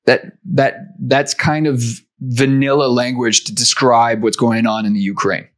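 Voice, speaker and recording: A man's voice: mid-range voice, level tone, unhurried. A man co-hosting a casual marketing podcast, talking freely with repeated words and restarts. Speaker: podcast co-host. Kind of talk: casual chat.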